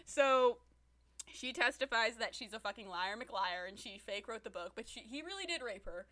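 A woman chatting casually as a podcast co-host, recapping a TV episode with profane, animated storytelling and acting out the characters' lines. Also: on the high side, moderate pace.

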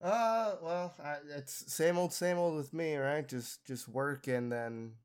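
A man's voice: on the high side, slow, smooth. A young man hosts a casual podcast while sick, his voice stuffy and nasal. He rambles loosely, swears freely and laughs often. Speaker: podcast host. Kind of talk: casual chat.

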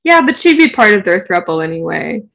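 A young woman co-hosting a casual podcast, playful and excitable, laughing a lot. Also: lowish voice, a little fast, gravelly. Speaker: podcast co-host. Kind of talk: casual chat.

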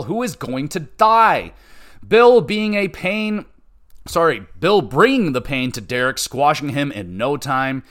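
A man hosting a wrestling podcast, recapping matches in a casual, blunt style with swearing, fillers and animated opinions. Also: fairly high pitch. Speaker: podcast host reviewing wrestling shows.

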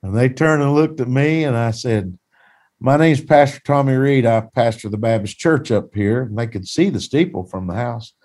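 A man's voice: medium pitch, moderate pace, a little mellow. Earnest folksy pastor telling his story. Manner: plain-spoken, folksy, earnest. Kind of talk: personal testimony storytelling.

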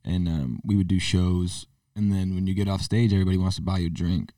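A man's voice: low voice, fairly even intonation, fast talker, warm tone, dry recording, recorded from a distance. Man, podcast co-host, casual chat, blunt and profane, dry sound, sits back from the mic. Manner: profane, blunt rants with mocking impressions.

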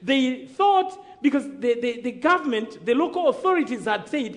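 A man preaching his own testimony in a strikingly high voice. He tells his story dramatically, acts out the dialogue, and keeps checking in with the congregation for an amen. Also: big pitch swings, normal speed, hardly any pauses. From Rwanda. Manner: dramatic storytelling, acting out dialogue, calling for amens. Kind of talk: sermon testimony.

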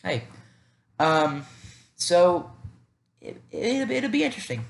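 A young man from the American South with a Southern accent, hosting a solo sports podcast on a cheap headset and talking fast, animated and rambling, with many restarts. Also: sits high, creaky, reverberant. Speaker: podcast host. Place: at home by a computer.

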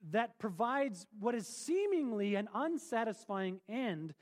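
Lively, playful preacher man. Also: high voice, a little slow. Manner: conversational, playful, asks the congregation questions. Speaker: pastor. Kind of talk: sermon.

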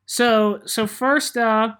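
A man co-hosting a casual sports chat, measured and quick to laugh. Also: very high voice, fairly even intonation, a bit bright, clean tone. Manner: measured, chatty, laughs easily. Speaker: podcast co-host.

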